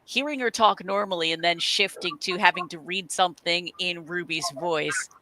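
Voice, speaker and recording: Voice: medium pitch, normal speed, sharp tone, slight background noise, rough recording. A host of a live stream show, chatting casually and reading viewer comments, with "um" and "uh" fillers. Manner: reads viewer chat aloud, uses "um" and "uh" fillers.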